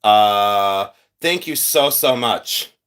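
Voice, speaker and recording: A man's voice: fairly low pitch, animated, very slow, fairly bright tone, clear, resonant tone. A middle-aged man hosting a casual livestream, chatty and rambling and congested from his sinuses. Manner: chatty, rambling, thanks viewers often. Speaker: livestream host, jewelry collector. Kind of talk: casual live-stream chat.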